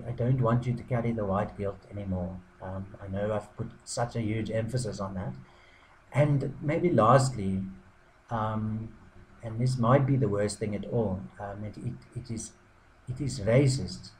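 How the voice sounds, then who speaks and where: A man who blogs, delivering a mock apology in deadpan irony, halting with frequent ums and restarts. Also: fairly low pitch, slight background noise, rough recording. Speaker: blogger. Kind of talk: sarcastic mock apology to camera.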